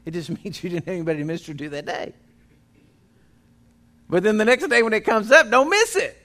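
A man's voice: high voice, a little fast, pushed and bright. A male pastor, preaching a sermon in a folksy, exhorting way.

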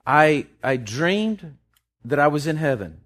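A man preaching a sermon, impassioned, rising loud then dropping soft, often restarting his words. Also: on the high side, sing-song, takes it slowly.

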